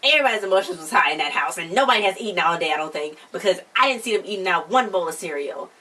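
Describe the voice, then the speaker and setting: A woman's voice: fairly low pitch, animated, racing, bright, forceful tone, distant mic. A woman co-hosting a casual recap of a reality TV episode, retelling scenes by quoting the cast. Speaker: co-host of a reality show recap channel.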